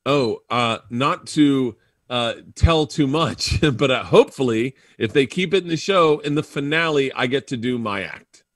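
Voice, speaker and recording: A male comedian guest telling stories in an interview, animated and acting out quoted lines. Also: mid-range voice, unhurried, dry recording, clean studio sound. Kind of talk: storytelling in an interview.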